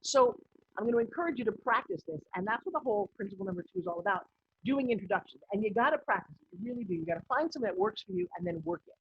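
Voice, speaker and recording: A woman business coach giving a recorded online course lesson in a lively, conversational way, acting out bits of dialogue. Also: on the high side, rapid-fire, vocal fry, slight background noise. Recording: slightly muffled lo-fi audio.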